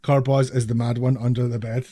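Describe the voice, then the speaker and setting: A man's voice: medium pitch, level tone, a little fast, mellow, natural voice. A man voicing a nervous male gnome who is stuck to a chair and pleading for help. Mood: flustered pleading. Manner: pleading, flustered.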